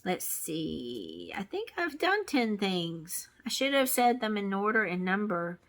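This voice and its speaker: A woman's voice: mid-range voice, sing-song, measured pace, fairly bright tone. A middle-aged woman from Texas chatting casually to camera in a crafting vlog, rambling with many ums and restarts. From Texas, USA. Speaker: crafting vlogger.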